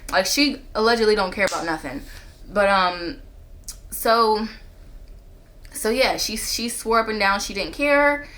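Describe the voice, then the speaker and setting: A woman talking straight to her camera in a casual storytime monologue, retelling a story with animated jumps in pitch when she quotes people. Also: unhurried, long pauses, a little hiss or hum. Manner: animated retelling, jumping up in pitch when quoting herself and others. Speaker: vlogger telling a personal story. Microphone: camera on a stand.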